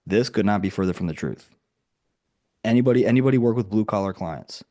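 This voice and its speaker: At a moderate pace, a man with a warm, low-leaning voice coaches a group video call. He talks casually, full of "like," and acts out the dialogue he quotes.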